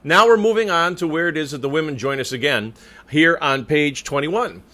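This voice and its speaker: A man with a bright, forward voice that sits a little high for a man coaches a choir section. He explains patiently and pronounces each word with care, speaking into a microphone indoors. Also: moderate pace. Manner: clear, patient spoken instruction, careful diction. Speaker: choir conductor. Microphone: new microphone.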